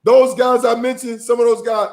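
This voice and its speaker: A man from South Florida co-hosting a casual sports talk show, animated and joking, often exclaiming. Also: very high-pitched, moderate pace, reverberant. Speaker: co-host.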